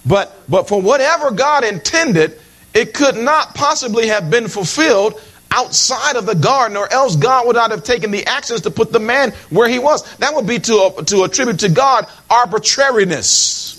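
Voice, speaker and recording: A middle-aged man preaching a sermon in an animated, humorous way, with many asides to the congregation and frequent repeated words. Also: very high-pitched, normal speed. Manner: repeats words and restarts phrases while preaching.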